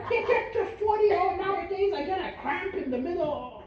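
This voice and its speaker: A man's voice: very high voice, measured pace, a little hiss or hum. Man in his forties doing stand-up. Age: 40s. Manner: animated, jumps to loud shouted punchlines. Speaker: stand-up comedian. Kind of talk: stand-up comedy set. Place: live comedy venue with audience. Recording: echoey live room, distant mic, loud crowd laughter.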